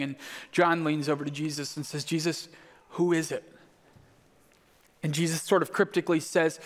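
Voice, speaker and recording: Male pastor, high register, narrative sermon in a reverberant hall. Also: a bit bright. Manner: storytelling, acting out quoted voices.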